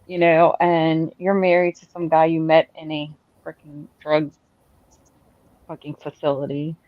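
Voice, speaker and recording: Woman, lowish voice, candid and a bit profane, muffled call audio. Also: level tone, measured pace, dry recording. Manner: candid, swears. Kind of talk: casual livestream chat.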